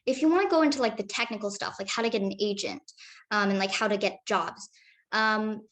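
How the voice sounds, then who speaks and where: A teenage girl, a young actress, talks through her answers in a chatty, upbeat way. She fills her sentences with ums and likes and keeps a mid-range pitch. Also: fairly quick, fairly bright tone. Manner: chatty, upbeat, with many fillers. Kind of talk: casual interview answers.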